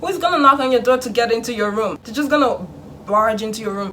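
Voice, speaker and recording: A young woman vlogging in casual chat, animated, acting out her parents in a hushed voice. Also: fairly high pitch, quick pace, slight background noise.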